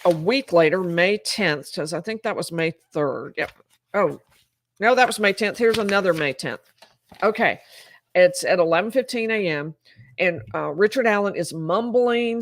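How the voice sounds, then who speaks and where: A woman's voice: lowish voice, no echo, clean studio sound. A woman host giving live legal commentary. She reads from her notes and comments on them thoughtfully, correcting herself now and then. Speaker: lawyer and show host.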